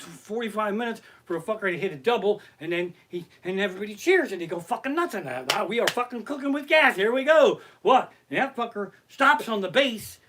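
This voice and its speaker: A comedian rants in a bright, animated voice, swearing constantly and sounding exasperated. His pitch swings widely as he builds each complaint. He streams the show live from his living room. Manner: profane, ranting, exasperated. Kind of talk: live-streamed stand-up rant.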